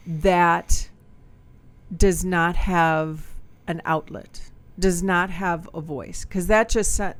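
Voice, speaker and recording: A woman's voice: lowish voice, clear, resonant tone, no room sound. A woman co-hosting a podcast with her partner, talking reflectively about feeling unheard, searching for words. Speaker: podcast co-host. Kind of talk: candid couple's chat.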